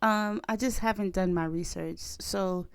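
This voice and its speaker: An American woman co-hosts a podcast, chatting casually and telling animated stories with lots of laughter. Her medium-pitched voice is clear and resonant, a little slow, with no echo.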